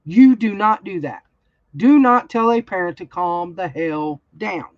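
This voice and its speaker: A woman's voice: fairly low pitch, expressive, measured pace, no echo. A woman, telling a story in a blunt, heated way during a casual livestream chat. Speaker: crafting channel host. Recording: dull, slightly lo-fi sound.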